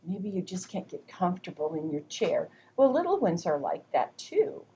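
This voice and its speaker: A woman giving a recorded lecture, explaining slowly and deliberately, sometimes dropping to a whisper to demonstrate. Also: fairly low pitch, sing-song, mellow, muffled recording, slight background noise.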